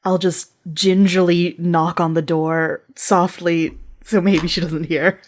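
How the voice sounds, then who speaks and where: A woman's voice: fairly low pitch, little pitch movement, slow pace. A woman player at a tabletop game, chatting casually and laughing playfully.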